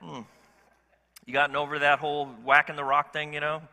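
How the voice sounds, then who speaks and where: A preacher putting on a chummy, joking Jesus. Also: male voice, fairly high pitch, level tone, brisk, bright, forceful tone, in a large hall, pitched below the performer's own voice. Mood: teasing. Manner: offhand, joking, conversational. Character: casual, chummy Jesus chatting with Moses.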